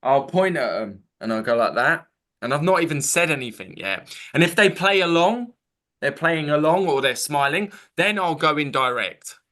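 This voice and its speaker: Bright-voiced male dating coach. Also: fairly high pitch, big pitch swings, moderate pace. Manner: demonstrates pickup openers, acting out both sides. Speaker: dating coach, panel host. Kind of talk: casual panel chat.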